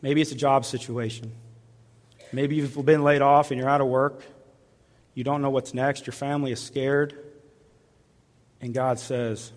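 A male pastor preaching a sermon, sinking to soft intimate tones at times. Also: mid-range voice, fairly even intonation, moderate pace. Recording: long reverb of a large hall.

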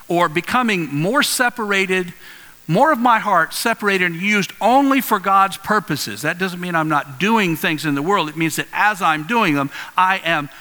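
A male pastor preaching a sermon in an earnest, conversational way with lively storytelling. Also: high voice. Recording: long hall reverb.

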